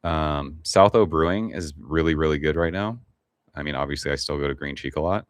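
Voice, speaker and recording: Middle-aged male stream host, very deep and laid-back, rambling and cussing casually. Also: brisk, no echo, clean studio sound. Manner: laid-back, rambling, swears casually, reads chat aloud. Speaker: livestream host. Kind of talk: casual live-stream chat.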